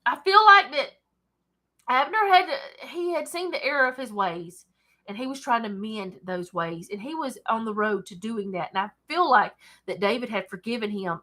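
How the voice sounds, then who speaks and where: Bright-voiced Southern woman reading Bible. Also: medium pitch, normal speed. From Alabama, USA. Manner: chatty, digressive, laughs often. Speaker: Bible study host. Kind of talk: casual Bible reading and commentary. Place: at home desk.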